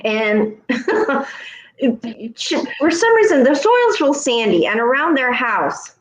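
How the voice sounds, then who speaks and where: Casting note: higher-voiced woman, lively storyteller, roomy echo. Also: slow pace. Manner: animated, acts out other voices in her stories. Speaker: co-host. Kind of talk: casual storytelling chat. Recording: echoey room.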